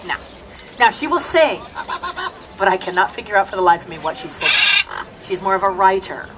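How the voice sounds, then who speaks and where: A woman's voice: mid-range voice, big pitch swings, normal speed. A woman hosting a live animal stage show, cracking self-mocking jokes to the audience. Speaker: bird show host and trainer. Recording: loud noisy live show recording.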